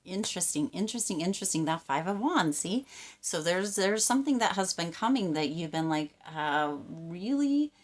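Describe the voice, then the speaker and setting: A woman's voice: on the low side, expressive, normal speed. A woman giving a casual, encouraging tarot reading, rambling and searching for words as she goes. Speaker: tarot reader.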